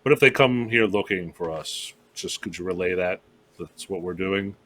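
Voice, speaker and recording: Man, tabletop player, in-character chat, fairly low voice, casual, a bit sarcastic. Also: moderate pace, a bit bright. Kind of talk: in-character tabletop role-play.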